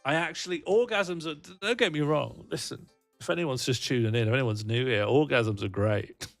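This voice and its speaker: A man's voice: medium pitch, moderate pace, creaky, fairly bright tone, dry recording, soft background music. A man rambling and joking on a casual livestream, answering his chat and laughing often.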